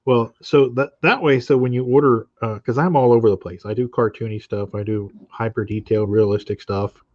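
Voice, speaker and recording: A man's voice: mid-range voice, brisk, no echo, muffled recording. A man talking casually as a guest artist on a live stream, rambling with lots of fillers. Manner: relaxed, rambling with many fillers.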